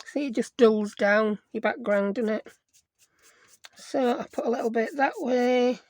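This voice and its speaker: A woman's voice: fairly high pitch, unhurried, a little mellow, dry recording. A woman hosting a casual craft tutorial, chatty and self-deprecating, thinking aloud as she works. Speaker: craft video host.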